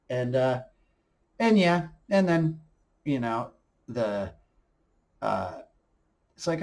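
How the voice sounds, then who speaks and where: A man hosting a TV review channel, talking casually and excitedly, acting out scenes and swinging from low mutters to loud bursts. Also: slow pace, pauses often.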